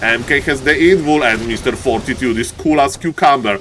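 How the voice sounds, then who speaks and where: A man casting a live strategy game match in English, which is not his first language, with bursts of shouting at big plays and joking asides to chat. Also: medium pitch, a little fast, slight background noise. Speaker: esports caster.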